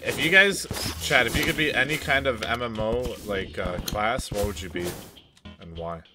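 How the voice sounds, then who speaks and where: A man's voice: medium pitch, moderate pace. A man hosting a stream, chatting casually and crudely teasing his friends while playing a game. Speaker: streamer host. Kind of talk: casual gaming chat. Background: game music.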